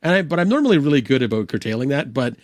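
A man's voice: medium pitch, very animated, no echo, studio quality. A chatty man co-hosting a casual livestream, who admits he talks a lot. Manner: chatty, quick to apologize after slips. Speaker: co-host.

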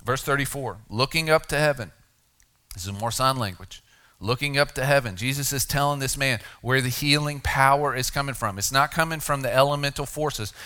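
A middle-aged man, a pastor, preaching a sermon in a conversational way, slowing for dramatic pauses and dropping his voice for emphasis. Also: mid-range voice, bright, forceful tone.

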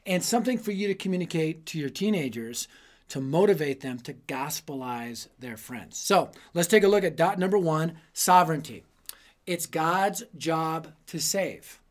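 A man hosting a youth ministry teaching episode, telling stories with animated, dramatic delivery. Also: high-pitched. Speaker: youth ministry speaker and host. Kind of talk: evangelistic teaching talk with storytelling.

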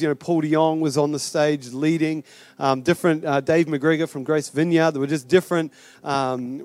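A man's voice: a little high, darkish tone, no echo. A middle-aged man with a New Zealand accent preaching a sermon as pastor, chatty and rambling with fillers and restarts.

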